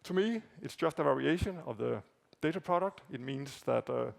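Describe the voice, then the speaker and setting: Man, native Danish speaker, conference presenter, very gravelly voice, halting with fillers. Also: mid-range voice, lively intonation. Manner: halting, with frequent fillers and repeated words. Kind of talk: conference talk walking through slides. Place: conference hall.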